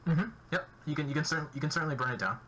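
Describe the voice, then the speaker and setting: A man narrating a tabletop role-playing game as game master, halting with many fillers and restarts. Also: fairly high pitch, fairly bright tone, rough recording. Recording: faint background noise.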